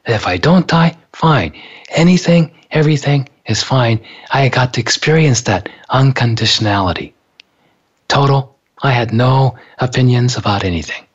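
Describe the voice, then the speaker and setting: In a dull lo-fi recording, a husky older man speaking at normal speed and medium pitch recounts his heart attack. He keeps it casual and animated, laughing a lot and performing the voices of whoever he's quoting.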